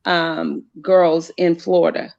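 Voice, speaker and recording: A woman's voice: on the low side, flat delivery, slow pace, gravelly, darkish tone. A woman calling in to a casual chat, hesitant and full of fillers. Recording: dull lo-fi call audio.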